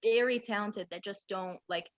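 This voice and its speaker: The clip is muffled and dry, with no room sound, as a woman in her twenties from central New York talks at normal speed in a medium-pitched voice. She's an aspiring actress and interview guest, rambling casually and saying "like" constantly.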